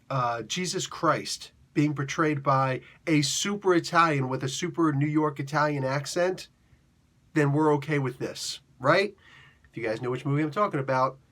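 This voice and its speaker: A man's voice: medium pitch, a bit bright. A man hosting a casual review monologue, rambling and joking, with many fillers and restarts. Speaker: review show host.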